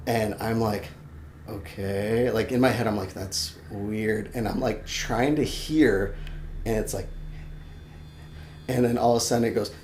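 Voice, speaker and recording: A young adult man, a podcast guest, telling a story in casual chat, animated and swearing freely, acting out his own shouts. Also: mid-range voice, moderate pace, pauses often. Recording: echoey room, faint background noise.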